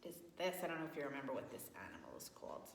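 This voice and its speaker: A woman's voice: very deep voice, big pitch swings, very fast, a little hiss or hum. A woman teaching young children letter sounds at circle time, asking patient questions and praising answers. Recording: echoey room with long reverb.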